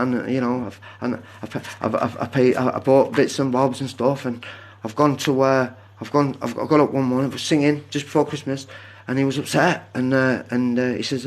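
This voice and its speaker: A man's voice: medium pitch, fairly even intonation, normal speed. A man chatting casually on a phone live stream, rambling and drifting off onto tangents. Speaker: livestreamer.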